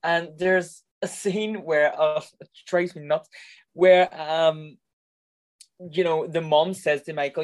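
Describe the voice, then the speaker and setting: A man's voice: on the high side, fairly even intonation, slow pace. A man in casual conversation, bluntly and profanely ranting as he reviews a film. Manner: blunt, sweary, exasperated ranting.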